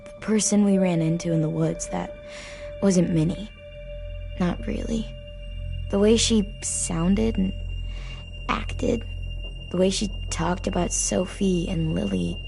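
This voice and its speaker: Blunt teen girl, slow and gravelly, music under it. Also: fairly low pitch, warm tone, heavily acted. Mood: troubled. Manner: hesitant, then blunt and resolved. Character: guarded, blunt teenage girl survivor. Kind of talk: video game voice acting. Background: game score music.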